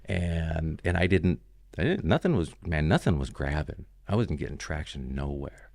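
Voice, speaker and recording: A man's voice: rumbling low, expressive, moderate pace, vocal fry, darkish tone, no room sound, studio quality. A man guesting on a podcast, telling his story in a loose, rambling way full of "you know" and "man". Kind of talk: casual storytelling interview.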